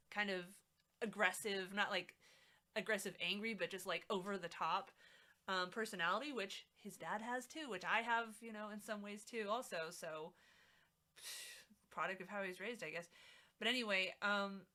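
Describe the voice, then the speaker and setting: A woman's voice: medium pitch, pushed and bright. A woman live streamer in casual, rambling chat at her home setup, talking with lots of fillers into a mic set a little back from her mouth. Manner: rambling, chatty, many fillers. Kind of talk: casual chat while crafting. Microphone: mic set a little away from the mouth.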